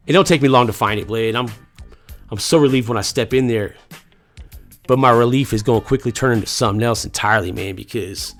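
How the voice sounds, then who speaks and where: A man's voice: mid-range voice, fairly bright tone. A man from the United States telling a crude comedic story, profane and rambling with lots of slang.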